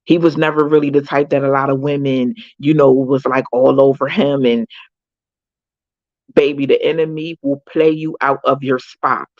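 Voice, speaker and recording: A woman's voice: extremely low pitch, fairly even intonation, normal speed, a little mellow, dry recording, muffled recording. A woman who advocates for prisoners, giving an emphatic, preachy motivational talk, repeating phrases and calling her listeners baby.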